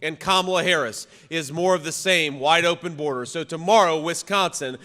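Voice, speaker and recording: A man, a vice-presidential candidate, gives a political rally speech. He repeats punchy slogans, shouts the big lines, and often restarts his sentences. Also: a little high, normal speed, long reverb tail. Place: campaign rally venue.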